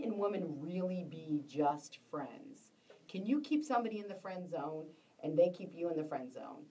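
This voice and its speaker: A woman's voice: on the low side, animated, normal speed, dark tone, far from the mic, poor audio. Chatty woman hosting a live stream. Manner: chatty, bubbly, greets viewers by name. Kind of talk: casual live chat greeting viewers.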